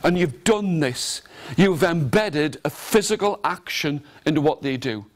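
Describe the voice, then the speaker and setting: A man's voice: fairly high pitch, unhurried. A man leading an interactive storytelling workshop for teachers, telling a folk tale in a theatrical way and getting the audience to join in with actions and repeated lines. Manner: animated and theatrical, leading the audience in call-and-response. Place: large room with a live audience.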